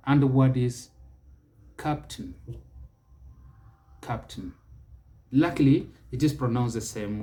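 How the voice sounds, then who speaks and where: A man with a Kenyan accent teaching English pronunciation, slowly and deliberately repeating each word several times. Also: medium pitch, mellow.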